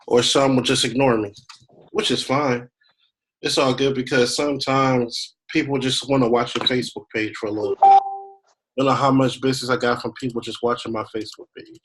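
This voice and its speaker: A man's voice: mid-range voice, fairly even intonation, brisk, fairly bright tone, low-quality recording. A man working as a travel agent, giving a casual online training, thinking aloud as he clicks through pages. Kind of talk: screen-share training walkthrough.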